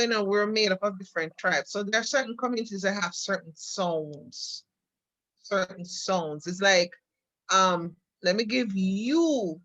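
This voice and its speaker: A woman's voice: medium pitch, bright, forceful tone, no room sound, muffled recording. A Jamaican woman co-hosting a casual chat, explaining things patiently with examples and often repeating her words. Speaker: co-host.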